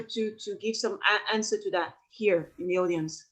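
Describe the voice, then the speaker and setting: A woman's voice: medium pitch, moderate pace, fairly bright tone, faint music behind. A woman with a French accent moderating a panel discussion, thoughtful and often restarting her sentences.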